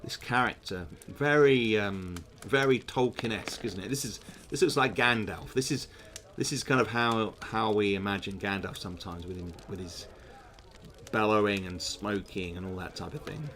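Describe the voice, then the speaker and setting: A man's voice: lowish voice, normal speed, a bit bright, slight background noise. A man, hosting a gamebook session, reading aloud and chatting in musing asides. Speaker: host playing a gamebook.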